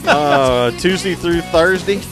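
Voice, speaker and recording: A man's voice: high-pitched, slow. Dry-humored male podcast co-host over music. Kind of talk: casual podcast chat. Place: podcast studio. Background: music playing.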